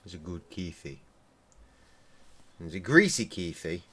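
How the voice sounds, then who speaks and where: A man's voice: deep voice, sing-song, measured pace, pushed and bright, slight background noise. A man chatting and swearing casually while streaming a game and tending to his dogs. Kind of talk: casual live-stream commentary.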